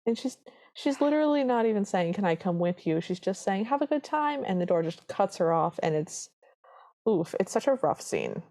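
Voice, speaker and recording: A woman co-hosting a podcast chats casually while recapping a film, retelling scenes as an animated storyteller who acts out the characters' lines. Her voice is lowish and her speed normal.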